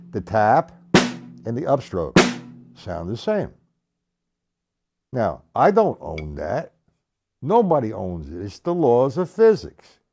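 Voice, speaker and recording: A man giving a live-streamed drum lesson, talking bluntly and emphatically, repeating his points as he demonstrates strokes. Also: mid-range voice. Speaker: drum teacher. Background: drum hits.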